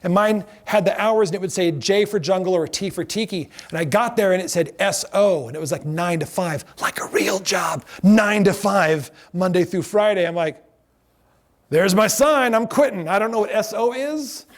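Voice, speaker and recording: A middle-aged man giving a lecture to a class, telling lively anecdotes and acting out the quotes. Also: high-pitched, brisk, hardly any pauses. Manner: animated storyteller acting out quotes.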